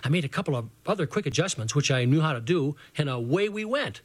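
A middle-aged man reading a children's adventure story aloud in a lively, boyish first-person voice. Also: on the high side, fast talker, no echo.

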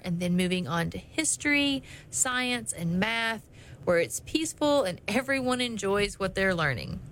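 A middle-aged woman speaks in a calm, reassuring way, as if reading prepared advice. Her voice sits at an ordinary pitch for a woman. A faint hiss of noise runs underneath. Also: rough recording. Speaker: homeschooling mother. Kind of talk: scripted advice talk.

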